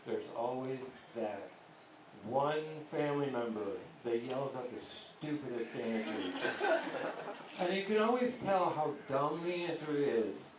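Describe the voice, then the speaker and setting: Crude young stand-up comic, echoey club. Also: male voice, mid-range voice, animated, a little slow, recorded from a distance, heavy background noise. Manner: crude, rambling delivery with acted-out voices. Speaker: stand-up comedian. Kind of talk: stand-up set. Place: comedy club stage. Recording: echoey club heard from afar.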